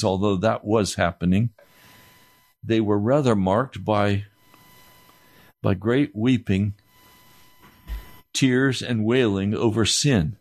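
A man's voice: on the low side, darkish tone. A man preaching a sermon, earnest and emphatic, building his points through repeated phrases.

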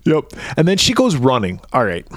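A man's voice: medium pitch, wildly swooping pitch, normal speed, dry recording, studio quality. A man co-hosting a podcast, chatting casually about a movie, crude and jokey, often acting out scenes in silly voices. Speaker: podcast co-host.

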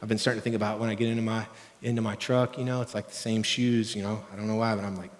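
A man's voice: lowish voice, flat delivery, racing. A middle-aged man preaching as a pastor, talking casually and asking the congregation questions. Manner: conversational, asks the congregation questions. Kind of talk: sermon. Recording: long reverb of a large hall.

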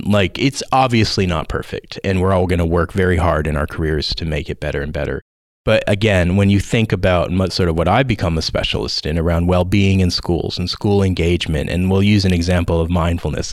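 A man's voice: low voice, no room sound, clean studio sound. A man guest on a podcast, talking in a thoughtful way with frequent restarts and emphatic repeats. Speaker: education guest speaker. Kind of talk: conversational podcast interview.

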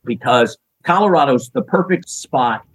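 A man telling lively anecdotes as a podcast guest, acting out quotes and laughing as he goes. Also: mid-range voice, unhurried, slightly rough, poor audio. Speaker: guest, executive search consultant. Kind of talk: storytelling in a podcast interview.

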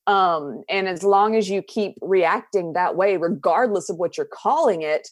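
A woman's voice: on the low side, a little slow, no room sound, clean studio sound. A woman from the southern United States with a Southern accent, a podcast guest talking casually and candidly, laughing often and trailing off into fillers.

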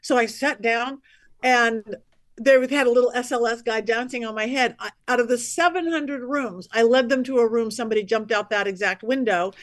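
Psychic lady on a podcast, kinda high voice, super animated storytelling, dry close sound. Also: normal speed, no room sound. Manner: lively, acts out quoted voices, chatty asides. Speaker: psychic medium guest.

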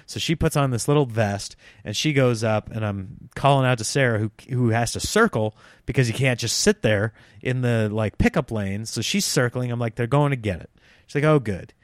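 A man's voice: mid-range voice, moderate pace, no room sound, clean studio sound. A man casually telling a self-mocking travel story, acting out the people in it. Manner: animated, self-mocking, acts out dialogue.

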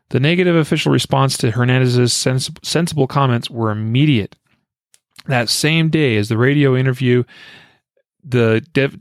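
Gravelly-voiced American man hosting a podcast. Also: medium pitch, dry recording, studio quality. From United States. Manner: reads quotes aloud with frequent fillers and restarts. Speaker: podcast host. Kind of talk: podcast news commentary.

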